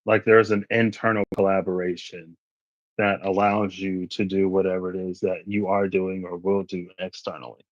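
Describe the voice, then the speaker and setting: Low-voiced man giving a rambling tarot reading. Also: little pitch movement, moderate pace, no echo. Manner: rambling, thinks aloud with many asides. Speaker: tarot reader. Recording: dry, slightly muffled recording.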